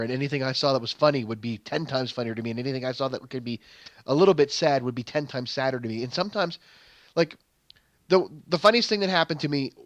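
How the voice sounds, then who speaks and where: With a medium-pitched voice and no room sound, a young gaming channel host rambles through a long stage story. His casual commentary keeps stalling on fillers and starting over.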